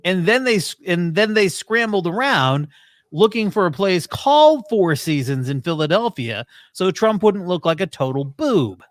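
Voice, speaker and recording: Lively wry male podcast host. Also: sits high, normal speed, no echo, studio quality. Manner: animated, swearing, wry asides. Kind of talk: casual chat.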